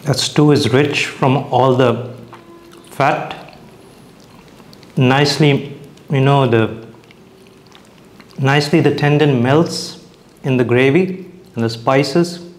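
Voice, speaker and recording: A man's voice: medium pitch, takes it slowly, long pauses. A young man casually reviewing dishes as he eats, chatty and hesitant, restarting his sentences and talking with his mouth full. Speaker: food vlogger.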